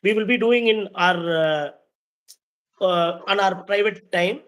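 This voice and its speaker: A man's voice: high-pitched, takes it slowly, fairly bright tone. A man in an acting class asking for clarification, thinking aloud as he speaks. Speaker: acting student.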